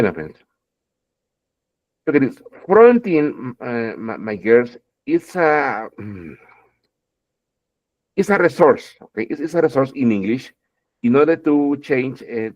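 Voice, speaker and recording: Male English teacher, animated pitch, keeps asking "okay?", dull video-call sound. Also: unhurried. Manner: keeps checking in with "okay?", repeats words, addresses students fondly. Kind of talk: online English grammar lesson.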